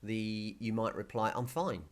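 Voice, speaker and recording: A male Spanish teacher explaining a recorded video lesson patiently, repeating key words slowly. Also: fairly low pitch, fairly even intonation.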